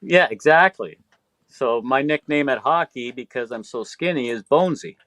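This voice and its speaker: A man's voice: mid-range voice, moderate pace, dry recording. A man in his sixties telling stories in casual chat, swearing freely and acting out what people said. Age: 60s. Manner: profane, animated storyteller acting out quotes.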